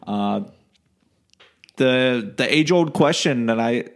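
A man's voice: mid-range voice, expressive, slow. A man co-hosting a podcast, chatting in an easygoing way about songs, with plenty of fillers and dry jokes. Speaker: podcast co-host. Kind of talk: casual music review chat.

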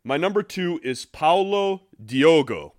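A man's voice: on the high side, lively intonation, slow pace, darkish tone, no echo, clean studio sound. A man co-hosting a casual podcast chat, telling stories with frequent laughter and some casual swearing. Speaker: podcast co-host.

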